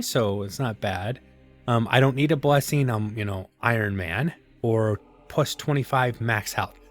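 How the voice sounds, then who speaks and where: A man casually commenting as he plays, thinking aloud and poking fun at himself. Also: mid-range voice. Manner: thinking aloud, self-deprecating, chuckles. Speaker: gaming channel host. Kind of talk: casual let's-play commentary. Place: home gaming setup.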